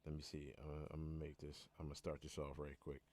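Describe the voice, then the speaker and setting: A man's voice: extremely low pitch, monotone, fast talker, darkish tone. A man chatting loosely on a livestream, rambling and joking with plenty of swearing. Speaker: band member hosting a live hangout. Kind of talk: casual livestream chat.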